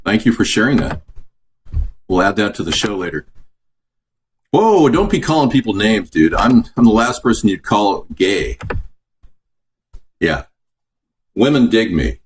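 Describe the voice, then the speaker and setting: Lively, low-voiced man hosting a cooking show. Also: unhurried, long pauses, a little hiss or hum. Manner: chatty, answers viewer comments. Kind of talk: casual live-stream cooking chat. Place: home kitchen.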